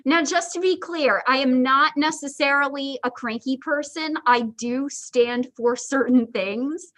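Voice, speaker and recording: Chatty high-voiced woman lecturing. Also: unhurried, fairly bright tone, poor audio. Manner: chatty, joking asides, lots of ums. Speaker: psychology instructor. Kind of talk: casual livestream lecture.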